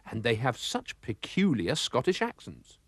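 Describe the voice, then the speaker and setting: A man's voice: mid-range voice, wildly swooping pitch, measured pace, breathy edge, no echo, clean studio sound, heavily acted. Polite stammery old gent, read by a man, voice goes up and down a lot. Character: polite gentle old gentleman driver.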